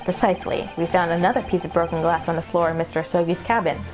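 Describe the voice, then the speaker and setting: A woman's voice: fairly low pitch, steady tone, quick pace, lightly acted, low-quality recording. A woman voicing an earnest young male lawyer who thinks his case through aloud. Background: game music.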